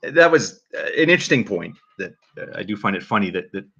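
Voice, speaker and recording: A man giving casual spoken commentary to his audience in a halting, dry and joking way, with many restarts and fillers. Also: lowish voice, sing-song, gravelly, sharp tone, breathy edge, dull audio. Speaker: video commentator.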